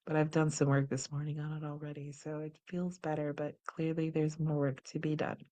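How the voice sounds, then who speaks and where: Woman, low voice, wellness host, calm, unhurried, guided practice. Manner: calm and unhurried, narrating her body sensations.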